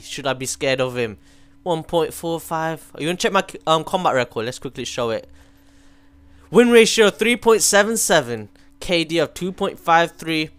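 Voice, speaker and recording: A young man giving live commentary over his own gameplay, excitable, switching between mumbled asides and sudden yells. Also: medium pitch, smooth. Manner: excitable, swings from mumbling to yelling. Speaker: gaming commentator. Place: home room.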